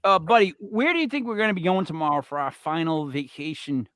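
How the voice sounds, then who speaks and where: A man co-hosting a casual podcast chat, telling jokes with plenty of fillers and animated delivery. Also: a little high, a little fast, a little hiss or hum. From Italian-American family. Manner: joking storyteller, animated joke delivery with many fillers. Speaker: podcast co-host.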